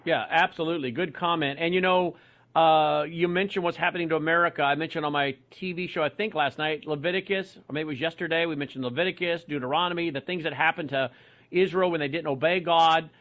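Man, call-in talk show host, brisk, somewhat high pitch, dull broadcast audio. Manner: brisk, reads out web addresses and phone numbers. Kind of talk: talk radio hosting with call-ins.

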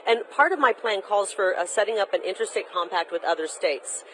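A woman's voice: medium pitch, lively intonation, fairly quick, fairly bright tone, slight background noise, low-quality recording. A woman running for governor, giving emphatic, combative answers in a political interview. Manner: emphatic, combative, delivers campaign talking points. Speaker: candidate for governor, interview guest.

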